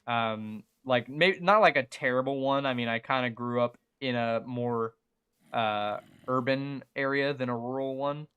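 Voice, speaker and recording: Bright-voiced young man with a light Southern twang. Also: medium pitch, measured pace, smooth, muffled recording. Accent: mild Southern American. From Southern United States. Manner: rambling, chatty, many fillers and restarts. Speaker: gaming livestreamer. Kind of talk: casual livestream chat while playing.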